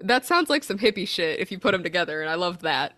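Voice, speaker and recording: A woman's voice: on the low side, sing-song, fast talker, bright, forceful tone. A woman guesting on a podcast in casual chat, joking and teasing the host. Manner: joking, teasing, laughs easily.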